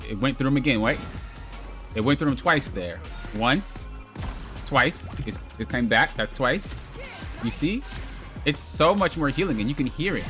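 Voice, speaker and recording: Man, game coach, bright and forward tone, casual instructive replay commentary over faint music. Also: medium pitch, expressive, measured pace, pauses often. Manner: instructive, often says "look" and "you see".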